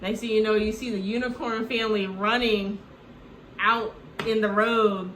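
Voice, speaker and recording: A woman tells a film's story in a loose, chatty, comedic way, leaning on "like" and swearing now and then. Her voice sits at a middle pitch. The room echoes noticeably, with a faint background hum. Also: fairly even intonation, normal speed, a bit bright. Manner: loose, rambling, full of "like", swears. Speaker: movie recap host. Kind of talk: casual comedic movie retelling.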